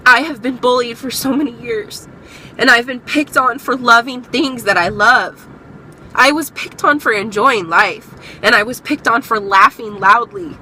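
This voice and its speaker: A young woman talks straight to her viewers in a candid pep talk, earnest and encouraging with plenty of blunt swearing. Her voice is a little high and very bright and forceful, with a faint hum of outdoor noise around her. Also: measured pace, rough recording. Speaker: vlogger. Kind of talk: candid motivational talk to camera.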